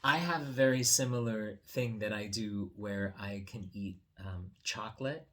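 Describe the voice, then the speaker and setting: Slow gentle guy teacher reading a picture book to kids, soft whispery asides. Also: on the low side.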